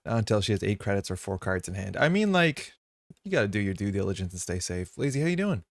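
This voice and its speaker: A man's voice: very animated, no room sound, studio quality. A man hosting a live card game stream, chatting casually with viewers in a rambling way, full of fillers and sudden upbeat greetings. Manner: chatty and rambling, with many fillers and quick jumps in pitch when greeting chat.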